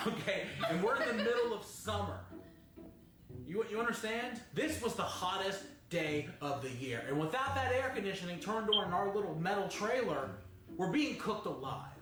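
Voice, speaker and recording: Animated man telling a story in an echoey room. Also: high voice, normal speed, faint music behind. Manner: animated, laughing while telling stories. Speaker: reaction video host. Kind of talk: casual storytelling and reaction.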